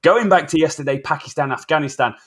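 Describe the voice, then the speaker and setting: A man's voice: a little high, quick pace, fairly bright tone, husky. A man hosting a cricket podcast, talking in an upbeat, matey way with easy banter. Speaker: podcast host. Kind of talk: casual cricket chat.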